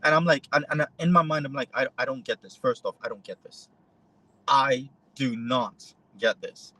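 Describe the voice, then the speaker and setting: A man talks through a story for an interviewer, in a casual conversational way. He retells the back-and-forth with lively emphasis, switching into the other side's words as he goes. His voice sits at a middling pitch. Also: fast, dry recording, low-quality recording. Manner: animated retelling, voices quoted exchanges. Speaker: interview guest; photojournalist.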